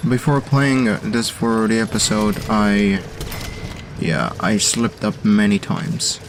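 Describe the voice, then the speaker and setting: A young man with a German accent giving let's-play commentary on game levels, halting and full of pauses and fillers. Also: lowish voice, steady tone, background noise. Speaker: host reviewing community game levels.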